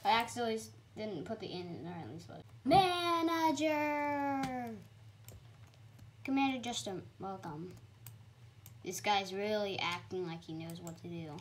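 A young woman giving chatty, excitable commentary while playing a computer game, with sudden high squeals. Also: fairly quick, few pauses, slight background noise. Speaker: gamer. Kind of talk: casual gameplay commentary.

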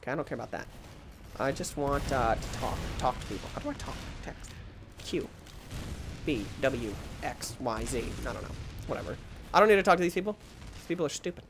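A man hosting a gaming channel, giving excitable let's play commentary that swings into yelps and shouts when frustrated, often mocking himself. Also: mid-range voice, brisk, pauses often, noisy background.

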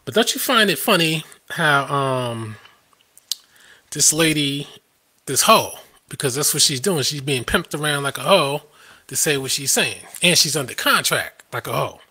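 A man's voice: on the high side, animated, unhurried, bright, forceful tone, husky. A man hosting a live stream, ranting in a combative, scoffing way and laughing at his own points.

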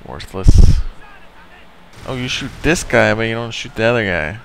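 A man giving casual, excitable commentary while playing a video game, reacting out loud and swearing often. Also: lowish voice, fast talker, gravelly, background noise. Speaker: let's play gamer.

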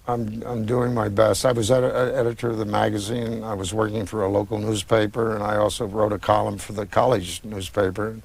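A man in his sixties, an author, answering interview questions in a reflective, meandering way with frequent pauses and restarts. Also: lowish voice, darkish tone. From United States. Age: 60s. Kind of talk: conversational interview.

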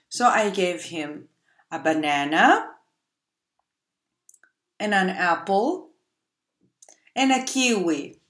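A woman teaching young children phonics, stretching each letter sound very slowly. She speaks in a gentle storytelling way, and her voice echoes in a roomy space. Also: mid-range voice, animated. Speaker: preschool teacher.

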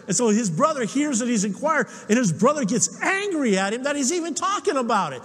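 A man preaching a sermon, telling personal stories in an animated way and chuckling often. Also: high-pitched, a little fast, hardly any pauses, slightly rough, in a large hall. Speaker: pastor.

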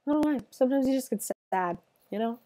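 A young adult woman chatting on a livestream while she plays, soft and halting with many fillers, tearful and sniffly. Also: high voice, expressive, no echo. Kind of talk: casual stream chat while gaming.

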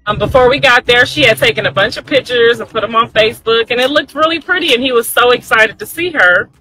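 A middle-aged woman casually telling a family story, chatty and animated, talking straight to her listeners. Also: fairly high pitch, quick pace, faint music behind, rough recording.

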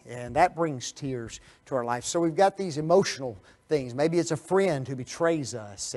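A man preaching a Bible study sermon, firing rhetorical questions at his listeners and swinging from quiet asides to loud, emphatic bursts. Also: mid-range voice. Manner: animated, rhetorical questions to the audience.

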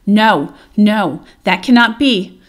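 Woman doing a young goddess, storybook, soft, pleading, trusting. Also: mid-range voice, slow pace, lightly acted. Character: fair, simple young goddess, trusting and anxious.

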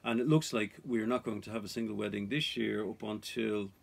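A man's voice: on the low side, fairly quick, vocal fry. A man vlogging about off-grid life, talking to viewers in an earnest, cautionary way. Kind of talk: casual advice to viewers.

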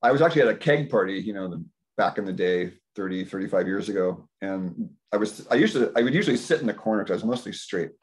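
Man, fifties, low voice, very animated pitch, casual rambling talk, storytelling. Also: fast. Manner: animated storytelling, acts out his own thoughts in higher voice. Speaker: health practitioner speaking at a community dinner. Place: indoor community dinner gathering.

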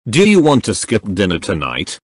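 A man doing a giggly gentle young hero. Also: on the low side, huge pitch swings, normal speed, husky, no echo, full character voice. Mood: playful. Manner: giggly, teasing, apologetic. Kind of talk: fan audio drama reading.

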